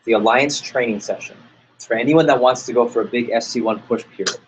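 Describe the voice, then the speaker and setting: A man's voice: medium pitch, quick pace, slight background noise, rough recording. A man leading a sales team training talk, upbeat and motivational, acting out little dialogues as he goes. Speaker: sales office manager.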